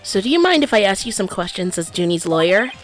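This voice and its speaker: A woman's voice: medium pitch, sing-song, fast talker, faint music behind, lightly acted. A woman reading the lines of a young female lawyer in a game, upbeat and direct. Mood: determined. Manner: reading game dialogue aloud.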